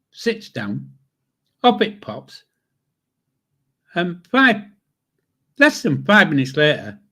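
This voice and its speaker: Older man, chatty, swearing storyteller, mid-pitched voice. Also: fairly bright tone. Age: 60s. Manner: chatty, swears freely, chuckles through his stories. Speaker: host of a live stream. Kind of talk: rambling anecdote storytelling.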